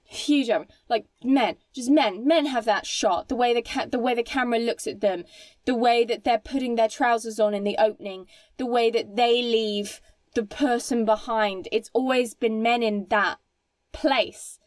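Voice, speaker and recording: A woman's voice: on the high side, normal speed, no room sound. Emphatic, swearing woman on a podcast. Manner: emphatic, swears freely, mimics film characters. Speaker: podcast co-host. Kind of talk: casual film podcast chat.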